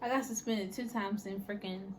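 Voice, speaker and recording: A young woman casually telling a story about a school fight, lively and full of laughter. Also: mid-range voice, normal speed, a little hiss or hum.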